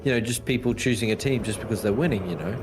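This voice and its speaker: A man's voice: fairly low pitch, fast, music in the background. A man casually chatting about football during a game session, easygoing and laughing along. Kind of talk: casual chat while playing.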